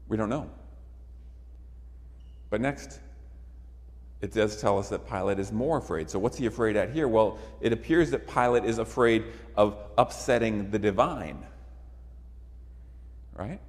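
A man's voice: on the low side, unhurried, long pauses, darkish tone. A man preaching a sermon emphatically, repeating phrases for effect. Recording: long reverb of a large hall.

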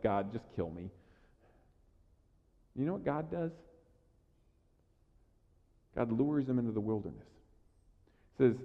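A pastor preaches in a loose, conversational way, dropping to near-quiet asides and then pushing louder for emphasis. He often stammers and repeats words as he restarts. His voice rings in a long echoey hall on a dull, lo-fi recording. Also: medium pitch. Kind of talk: sermon.

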